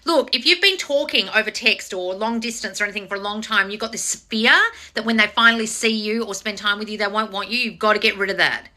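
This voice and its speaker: With a mid-range voice, a slightly fast pace, and few pauses, a manifestation coach works through viewer comments on her live stream. Blunt and sweary, she's animated and teasing, speaks directly to her viewers, and often puts on mocking voices.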